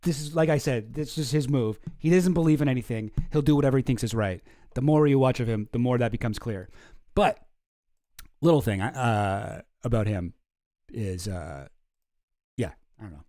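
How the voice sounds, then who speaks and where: A man's voice: medium pitch, expressive, moderate pace, dark tone, no echo, studio quality. A man hosting a stream, reacting to clips with rambling, profane, sarcastic chat. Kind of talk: casual chat.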